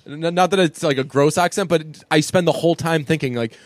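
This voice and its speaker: A man's voice: a little high, fairly quick, dry recording. A man hosting a casual podcast chat, joking and slipping into mimicked voices.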